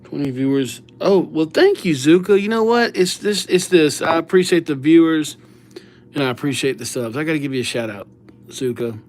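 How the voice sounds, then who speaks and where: A man's voice: on the high side, expressive, moderate pace. A middle-aged man hosting a livestream, chatting casually and greeting viewers by name with playful nicknames. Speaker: livestream host writing viewers' names.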